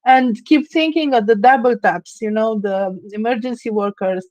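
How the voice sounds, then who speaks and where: A woman speaks in an earnest, emotional way and tells a story slowly, pausing often. Her voice has a middle pitch. The sound is dry and close. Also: darkish tone, dry recording, low-quality recording. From Romania. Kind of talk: casual chat.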